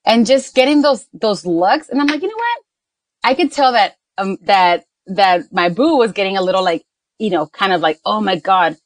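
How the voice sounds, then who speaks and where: Chatty mom telling a story, dry sound. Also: female voice, medium pitch, normal speed, dry recording. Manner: chatty storytelling, mixing in Spanish phrases. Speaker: podcast co-host, mother. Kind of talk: casual chat.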